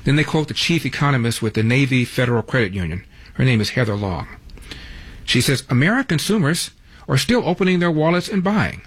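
A man's voice: mid-range voice, expressive, fairly quick, breathy edge. A man hosting a talk radio show, delivering news items with wry, sarcastic asides from a studio.

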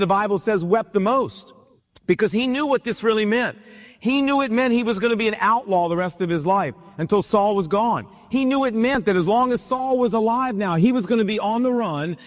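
A man's voice: high-pitched, long reverb tail. A man preaching a sermon as pastor, with an emphatic, repetitive cadence.

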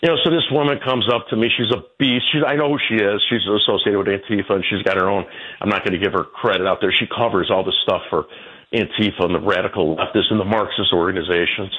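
A man's voice: steady tone, fast, slightly rough. Rambling older man on muffled radio. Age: 60s. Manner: rambling, repeats words, quotes people in a high voice. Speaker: radio show guest. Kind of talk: casual radio conversation.

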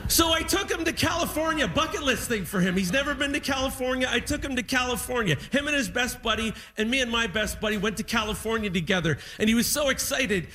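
A man doing a stand-up comedy set, telling stories with animated energy on a music hall stage. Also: very high voice, fast talker, few pauses, slight background noise. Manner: animated storytelling, acting out his father.

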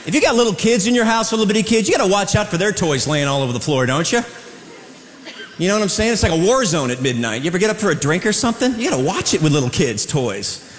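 A man from the American Midwest doing a stand-up comedy routine in a club, animated and mimicking voices. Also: high-pitched, fast talker. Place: comedy club with live audience. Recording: echoey live club recording with noise.

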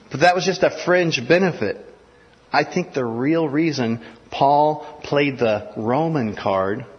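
A pastor preaching a sermon verse by verse, acting out the dialogue of the story in casual speech. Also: male voice, medium pitch, breathy edge. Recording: dull recording in a reverberant hall.

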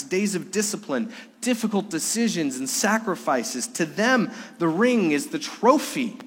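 A man's voice: on the high side, slightly rough, in a large hall. A man preaching a sermon, earnest and story-driven, asking his listeners questions as he goes. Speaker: pastor.

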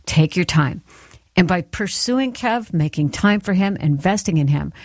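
A woman's voice: on the low side, expressive, measured pace, a little mellow, dry recording. A woman giving an earnest, encouraging devotional talk that speaks straight to the listener. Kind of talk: sermon-style devotional talk.

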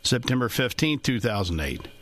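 A man's voice: medium pitch, sing-song, normal speed, a bit bright. A man in the financial services trade hosting a talk show, rambling in a folksy way with chuckling asides. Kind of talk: casual monologue.

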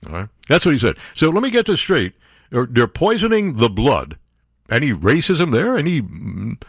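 A man's voice: a little high, breathy edge, no echo, studio quality. A man hosting a talk radio show, delivering an opinionated monologue in a sarcastic, incredulous way.

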